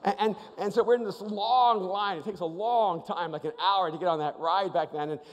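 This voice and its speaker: A man preaching a sermon as an animated storyteller, often repeating his first words playfully. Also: high voice, moderate pace. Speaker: pastor. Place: church auditorium with live audience. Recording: long reverb of a large hall.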